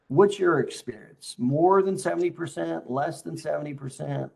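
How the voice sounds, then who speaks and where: A man's voice: on the high side, normal speed, creaky, darkish tone. A man hosting a casual interview, a chiropractic consultant who asks leading questions in a coaching tone.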